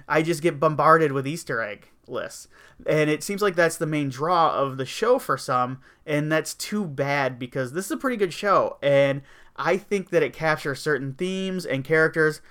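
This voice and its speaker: Brief: male podcast host, bright and smooth voice, rambling wry rants. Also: on the high side. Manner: rambling, wry complaining with frequent fillers. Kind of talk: casual opinion chat.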